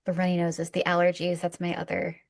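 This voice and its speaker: A woman acupuncturist chatting casually about patient cases, an animated storyteller who pokes fun at herself. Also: fairly low pitch. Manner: animated storyteller, self-mocking, quick asides. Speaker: acupuncturist, co-host. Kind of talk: casual clinical chat.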